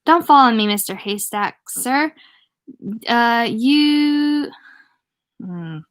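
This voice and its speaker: A woman voicing a mischievous, loudmouthed joking boy, halting and stumbling over words. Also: fairly high pitch, animated, exaggerated voice. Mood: clowning.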